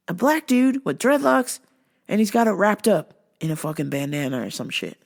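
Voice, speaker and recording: A woman hosting a podcast, talking casually to her listeners in a profane, animated rant. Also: fairly low pitch, normal speed, gravelly. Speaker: podcast host. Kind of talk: casual solo monologue.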